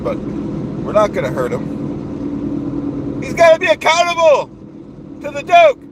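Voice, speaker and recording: Man doing a bombastic, self-important male streamer persona; lively, leaping delivery, noisy car recording. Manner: grandiose, shouting rants with sudden pitch leaps. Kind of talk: live stream parody rant.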